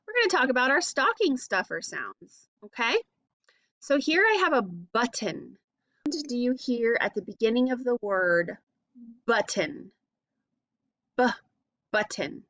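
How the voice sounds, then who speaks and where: A woman teaching phonics to young children, sounding out letters slowly and asking encouraging questions. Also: a little high, pushed and bright, no room sound, dull audio.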